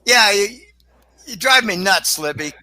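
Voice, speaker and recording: High-voiced man rambling animatedly. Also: measured pace, no echo, poor audio. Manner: rambling and animated, with sudden exclamations. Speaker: guest commentator. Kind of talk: casual interview talk.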